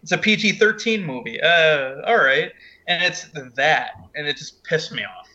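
A man's voice: a little high, expressive, normal speed, bright, forceful tone, lo-fi sound. Fired-up man ranting. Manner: heated, swears a lot. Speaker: podcast co-host. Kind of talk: casual ranting film chat.

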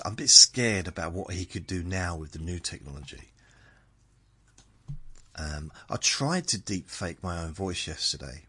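Southern English male podcast host, bright tone, wanders and corrects himself as he talks, soft music behind. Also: deep voice, husky. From southern England. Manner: meandering, self-correcting. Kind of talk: rambling monologue for sleep.

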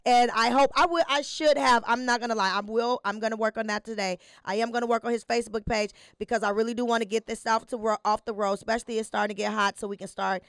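A young woman, co-hosting a casual chat show, telling stories loudly with acted-out quotes and lots of laughter. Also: a little high, steady tone, fast talker, few pauses, no echo, studio quality. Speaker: podcast co-host.

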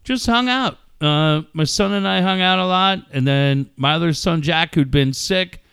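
A man's voice: a little high, moderate pace, gravelly, fairly bright tone, smooth, no echo, studio quality. A middle-aged man co-hosting a casual podcast, swearing freely and riffing jokes. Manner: profane, joking, riffing. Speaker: co-host.

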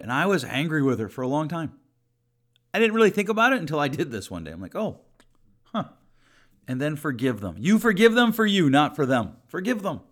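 A man's voice: fairly high pitch, a bit bright. Earnest middle-aged man giving advice. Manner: earnest, conversational, repeats for emphasis. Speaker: podcast host and counselor. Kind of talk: solo podcast talk, advice.

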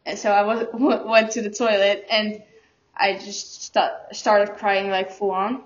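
Dutch-accented young woman guest, halting and searching for words, flat delivery on a muffled recording. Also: medium pitch. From Netherlands. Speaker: student guest. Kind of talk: casual personal storytelling. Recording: dull lo-fi recording.

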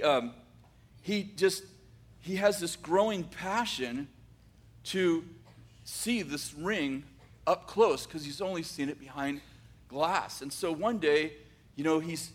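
A man telling a story aloud, unhurried, with dramatic pauses and frequent restarts. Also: fairly high pitch. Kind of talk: oral storytelling.

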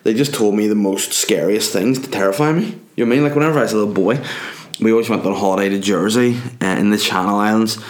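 Man, young, comic monologue, crude, tangential, somewhat low voice. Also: fast. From Ireland. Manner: crude, tangential, full of asides.

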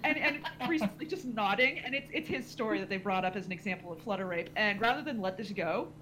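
A woman co-hosting a podcast in casual group chat, loud, excitable and swearing freely. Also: mid-range voice, quick pace, slight background noise, low-quality recording. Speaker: podcast co-host.

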